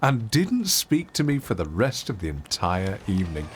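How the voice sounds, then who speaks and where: A man's voice: fairly low pitch, huge pitch swings, moderate pace, noisy background. A man with an English accent giving wry, theatrical commentary while streaming a game. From England. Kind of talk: casual gameplay commentary.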